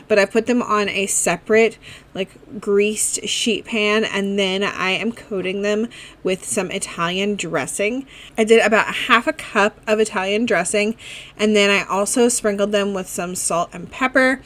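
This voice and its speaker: A woman talks through her week of family dinners in a relaxed, chatty voice-over, moving one step at a time. She drops in the occasional "um" and "like" as she goes. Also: mid-range voice, moderate pace. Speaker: cooking vlogger. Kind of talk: casual recipe voice-over.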